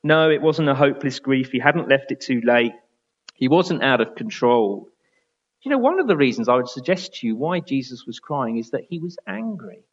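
A man preaching a sermon in an earnest way, often dropping to a near hush on key words. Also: medium pitch, expressive, normal speed, highs cut off. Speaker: pastor.

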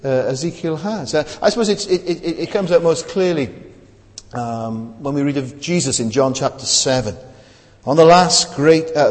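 A middle-aged man preaching a sermon in a chapel, talking in a conversational way and often asking "isn't it?". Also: medium pitch. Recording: long hall reverb.

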